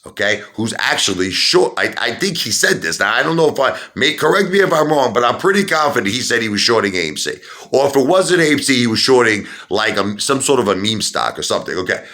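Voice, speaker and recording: A middle-aged man ranting heatedly to his viewers about stocks, repeating himself and rising to shouts. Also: lowish voice, creaky. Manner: animated, repetitive, rising to shouts. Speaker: stock market video host. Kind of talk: heated opinion rant.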